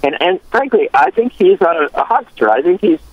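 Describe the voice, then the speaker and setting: A man giving earnest, measured political analysis as a guest correspondent. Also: high-pitched, sing-song, no echo, lo-fi sound.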